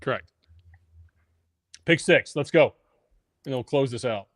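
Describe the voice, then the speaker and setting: A man hosts a casual fantasy football and betting show in a mid-range voice. He runs through picks briskly and ribs his co-hosts between them. The sound is dry and close, with no room tone. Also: mid-range voice, no room sound. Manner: brisk, runs the draft order, teasing. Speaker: podcast host. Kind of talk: casual sports betting chat.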